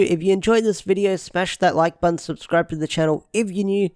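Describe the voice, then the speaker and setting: A man's voice: sits high, brisk, a little mellow, clean tone, no echo, clean studio sound. A young man giving a casual, rambling review of a TV episode, repeating himself with lots of fillers. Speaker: show reviewer.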